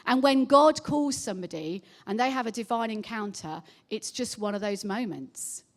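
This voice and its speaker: A woman's voice: fairly high pitch, normal speed. A middle-aged woman preaching at a church gathering, telling stories in a chatty way and acting out the voices of the people she quotes. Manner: animated, acts out quoted voices, chatty asides. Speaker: guest speaker. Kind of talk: sermon with storytelling.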